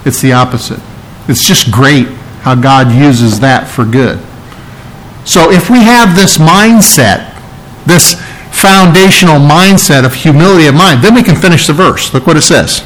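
Male pastor mid-sermon, earnest teaching tone, a touch high-pitched. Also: unhurried, a bit bright, slight background noise, low-quality recording. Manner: earnest, emphatic teaching with repetition.

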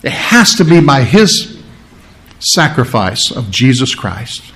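A man's voice: medium pitch, big pitch swings, takes it slowly, a bit bright. A male pastor preaching a sermon, earnest, asking rhetorical questions and answering them himself.

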